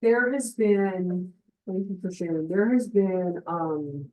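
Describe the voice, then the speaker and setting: A woman's voice: on the low side, slow, dark tone, roomy sound, recorded from a distance, poor audio. A woman school principal talking with a group of parents in a conversational way, asking them questions. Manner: conversational, asks the audience questions. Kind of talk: addressing parents at a meeting.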